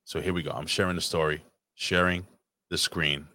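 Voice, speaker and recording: A man's voice: rumbling low, fairly even intonation, normal speed, sharp tone, dry recording. A man hosting a casual chat over a remote call, blunt, profane and teasing. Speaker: podcast host.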